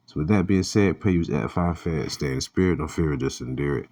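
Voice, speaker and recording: A man giving blunt, profane religious commentary on the news, reading scripture and leaping up in pitch when riled. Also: brisk, a little mellow. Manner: reads scripture aloud. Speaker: online preacher and commentator.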